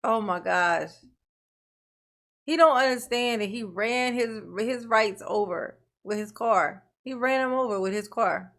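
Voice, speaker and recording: A woman's voice: a little high, a little slow, a bit bright. A woman commenting on court footage who mocks, swears and keeps bursting into laughter. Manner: mocking, laughing, profane. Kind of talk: reaction commentary.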